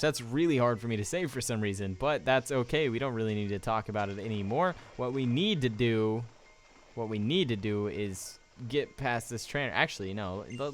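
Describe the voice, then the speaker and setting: A man's voice: mid-range voice, pushed and bright. Young man rambling through game commentary. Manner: rambling, joking, reads game text aloud. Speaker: let's play commentator. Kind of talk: casual gameplay commentary. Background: faint game music.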